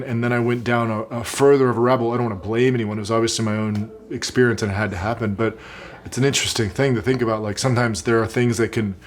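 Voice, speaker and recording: A man hosting a casual interview, speaking thoughtfully with halting restarts and soft affirmations. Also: mid-range voice. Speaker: podcast host.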